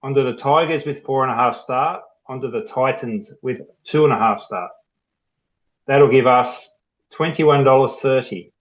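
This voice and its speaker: Co-host on a dull line. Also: male voice, medium pitch, normal speed. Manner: plain, steady listing. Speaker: podcast co-host. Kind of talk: casual chat. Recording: slightly dull lo-fi sound.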